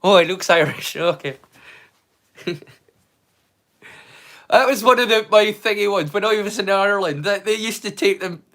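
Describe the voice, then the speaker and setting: A man's voice: high-pitched, moderate pace, pauses often. A man hosting a casual livestream watch-along, chatting, joking and swearing freely with his viewers. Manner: greets viewers loudly and brightly. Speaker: livestream host.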